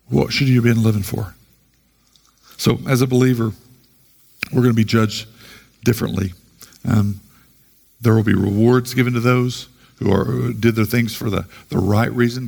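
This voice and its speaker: A man's voice: medium pitch, gravelly, a little mellow, breathy edge, in a large hall. A man pastor giving a conversational sermon full of rhetorical questions.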